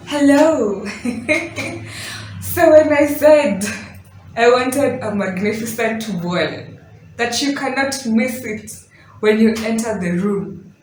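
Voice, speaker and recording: A woman from Kenya chatting casually through a home DIY vlog, excitable and laughing at her own mess. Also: on the high side, very slow, pauses often, slight background noise. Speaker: DIY vlogger. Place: indoor room at home. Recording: roomy home audio with faint background.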